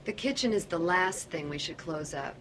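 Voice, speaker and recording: An actress playing a young woman who hands out cleanup assignments to her work crew in a brisk, businesslike way. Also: fairly low pitch, animated, a bit bright. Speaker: film character.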